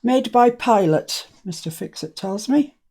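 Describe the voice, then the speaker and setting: Slow gravelly woman crafting. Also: medium pitch, lively intonation, mellow. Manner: chatty, mutters to herself while working. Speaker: craft channel host. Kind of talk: casual craft tutorial. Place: at a cluttered craft desk indoors.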